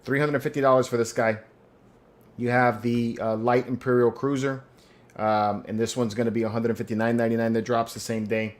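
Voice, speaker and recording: A man's voice: mid-range voice, little pitch movement, a little fast. A man hosting a live collectibles show, easygoing and casual, reading viewer comments and running through product releases. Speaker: host. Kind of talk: casual live-stream chat.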